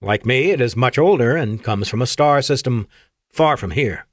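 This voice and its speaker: A man voicing an ancient, courteous alien admiral with an Afrikaans-tinged accent and formal, measured speech. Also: mid-range voice, lively intonation, dry recording, studio quality, close to an everyday voice.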